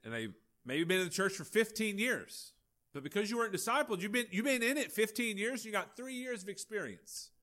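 Preacher guy, high-pitched, folksy, acts out little conversations. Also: a little fast. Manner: folksy, animated preaching with acted-out dialogue. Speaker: pastor. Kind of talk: sermon.

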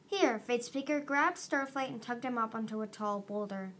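A woman reading a fantasy novel aloud as an amateur audiobook, steady with small restarts. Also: on the high side, moderate pace. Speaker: audiobook reader.

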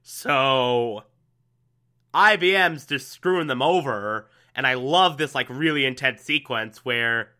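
A young man casually recapping a TV episode, animated and laughing often, acting out the characters' lines. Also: mid-range voice, slow. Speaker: TV episode reviewer. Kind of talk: casual recap with acted-out quotes.

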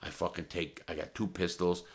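Deep-voiced man telling blunt street stories. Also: flat delivery, moderate pace, breathy edge. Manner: profane, blunt street talk with restarts; swings into loud acted quotes. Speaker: storyteller. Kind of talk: casual crime storytelling.

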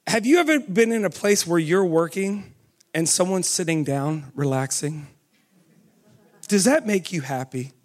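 A man preaching a sermon who keeps asking the audience questions and urging them on with "come on", his pace swinging between quick runs and slow, drawn-out words. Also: high voice, expressive.

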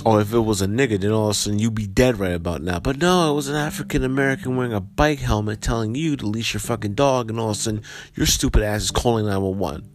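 Low-voiced man, blunt podcast host. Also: fast, hardly any pauses. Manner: blunt and profane, heated when ranting. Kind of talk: reading a news story aloud, then ranting commentary.

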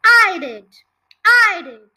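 Storybook role: a woman as an earnest boy, loud calls, lively pitch. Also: unhurried, full character voice. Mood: insistent. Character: eager young boy, calling out.

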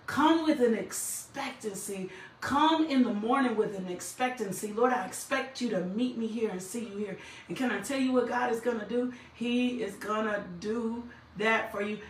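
A woman's voice: a little high, normal speed, a little hiss or hum. Fervent woman preacher in echoey room. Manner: fervent, repeats phrases for emphasis. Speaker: minister. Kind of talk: testimony and prayer. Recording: echoey room, mic at a distance.

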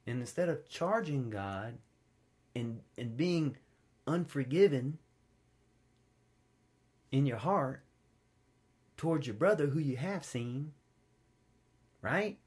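A man delivers a sermon like a chat with friends, all "you know" and "man," drawing his listeners into personal stories. His voice sits at a middling pitch, leaping up high and loud for emphasis, then dropping low and hushed when he tells a story. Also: animated, slow pace, pauses often. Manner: informal storytelling, wide swings in pitch and loudness, drops low and quiet for stories. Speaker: preacher. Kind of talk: conversational sermon.

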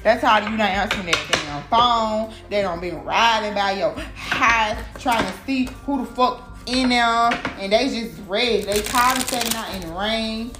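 A woman doing a casual tarot reading, animated and profane, talking straight to her viewers. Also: a little high, a little slow, hardly any pauses. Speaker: tarot reader. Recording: echoey room with clear background noise.

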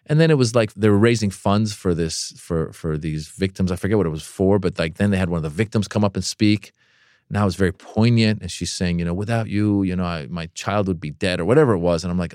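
A man, a comedian, telling a long story in a casual interview. He talks in an animated way and acts out other people's voices with big jumps in pitch. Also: a little fast, dry recording, studio quality. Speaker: comedian guest.

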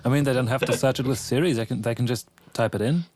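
A man's voice: mid-range voice, fast, darkish tone, dry recording. A young man chatting easily on a podcast about his YouTube channel. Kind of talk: casual chat.

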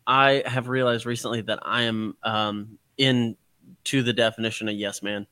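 A man's voice: medium pitch, steady tone, moderate pace, pushed and bright, no echo. A young man, co-hosting a podcast in casual chat, swearing freely, rambling and laughing often. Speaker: podcast co-host.

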